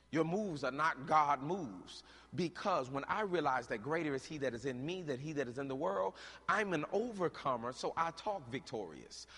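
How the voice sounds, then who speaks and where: Fiery male preacher in a reverberant church. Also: slightly rough. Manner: asks rhetorical questions and leaves the answer to the congregation; swings between loud, shouted stretches and low, quiet talk. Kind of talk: sermon. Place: church hall. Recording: long hall reverb.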